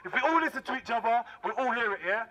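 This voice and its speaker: Loud shouty man rallying a crowd. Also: very high-pitched, animated, fast, noisy background. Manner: loud, shouty call-and-response. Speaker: community outreach leader. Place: outdoors on a street with a crowd.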